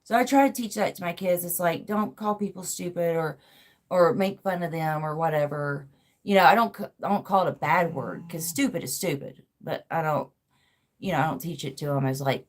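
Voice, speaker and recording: A woman, chatting casually as a podcast host, rambling and swearing freely with lots of "like". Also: low-pitched. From American South. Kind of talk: casual chat.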